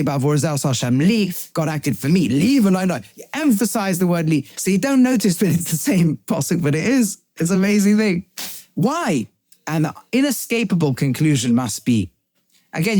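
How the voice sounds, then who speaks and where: A rabbi lecturing with lively emphasis, his man's voice sitting a touch high. He poses rhetorical questions and translates Hebrew phrases into English. The sound is close and dry, with no room echo. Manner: reads out Hebrew and Aramaic phrases, then translates them. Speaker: rabbi teaching a series. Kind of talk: explanatory lecture.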